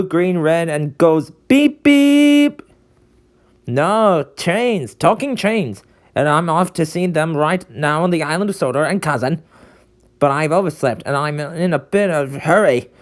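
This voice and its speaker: Someone doing a chill surfer-type young conductor guy, slow and drawly, voice swoops up and down a lot. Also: medium pitch, natural voice. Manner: laid-back, slangy, drawn-out delivery. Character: carefree beach-loving young male conductor. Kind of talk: fan redub voice acting.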